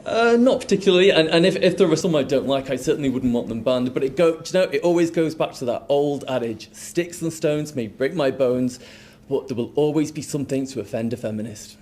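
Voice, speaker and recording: Speak as a man on a studio debate panel, your pitch a little high and your tone wry and dismissive, with faint background noise behind you. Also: a little fast, a little mellow. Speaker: panel guest.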